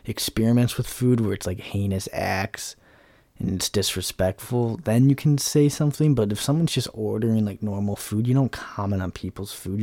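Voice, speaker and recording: A man's voice: on the low side, dark tone, no echo, studio quality. Blunt, sarcastic young man ranting. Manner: blunt, sarcastic, profane, rambling with many fillers. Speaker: podcast host. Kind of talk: casual ranting monologue.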